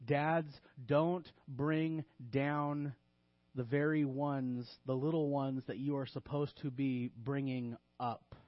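A man's voice: medium pitch, flat delivery, slow pace, no room sound, highs cut off. A man, a pastor, preaching a sermon, delivering a list with tongue-in-cheek sarcasm.

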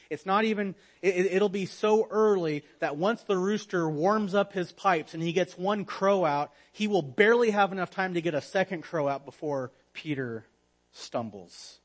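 A man preaching a sermon in an earnest manner, often dropping to a hushed voice for emphasis. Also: sits high, expressive, unhurried, rough recording. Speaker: pastor.

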